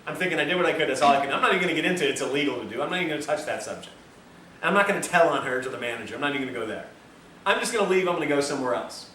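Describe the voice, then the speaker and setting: Male health lecturer, animated storyteller, recorded on a far mic with faint hiss. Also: fairly high pitch, very fast, reverberant. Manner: animated, self-mocking storyteller. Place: lecture room with audience.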